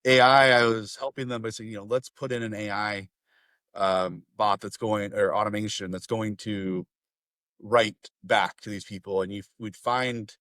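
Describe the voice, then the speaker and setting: A man hosting a podcast in casual conversation, animated and laughing often as he talks in quick bursts. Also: on the low side, dry recording. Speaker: podcast host.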